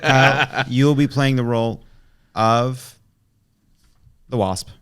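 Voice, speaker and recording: A man's voice: mid-range voice, a bit bright, slight background noise. A man on a comedy podcast as a guest, chatting wryly and reading stage directions from his own script with relish. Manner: quick, wry, reads stage directions with relish.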